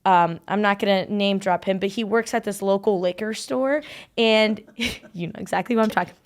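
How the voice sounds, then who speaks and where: A woman's voice: mid-range voice, moderate pace. A young woman hosting a casual podcast chat, telling stories in a chatty way, full of "like". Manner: chatty storytelling, frequent filler "like". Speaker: podcast host.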